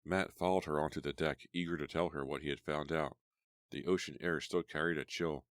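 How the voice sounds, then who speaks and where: A man with a very deep voice reads a horror audiobook in a measured, steady way. The recording is dry and close. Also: dry recording. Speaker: audiobook narrator. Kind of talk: scripted horror audiobook narration.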